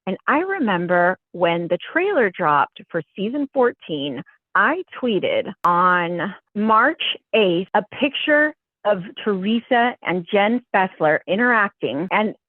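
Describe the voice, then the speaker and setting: A woman guest telling gossip stories in an animated way, acting out quotes and swearing freely. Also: mid-range voice, slow, no room sound. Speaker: podcast guest, gossip source. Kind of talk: rapid gossip storytelling on a phone line. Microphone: telephone. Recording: dry tinny phone line.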